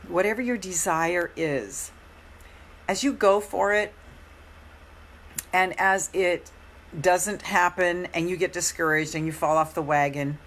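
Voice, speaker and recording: A middle-aged woman with a hoarse, very low voice talks warmly to viewers in a live coaching stream. She is gentle and encouraging and repeats her phrases softly. A faint hum sits under the recording.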